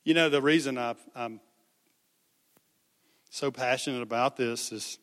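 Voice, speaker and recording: A man's voice: mid-range voice, measured pace, fairly bright tone. A male preacher giving an impassioned sermon, repeating phrases for emphasis. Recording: long hall reverb.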